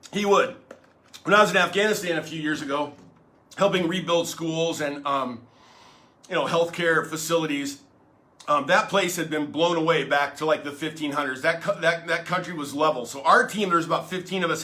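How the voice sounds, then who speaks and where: Man pastor, earnest and jokey storyteller, slightly high, bright tense tone. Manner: earnest, playful, with many fillers and restarts. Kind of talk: casual storytelling sermon.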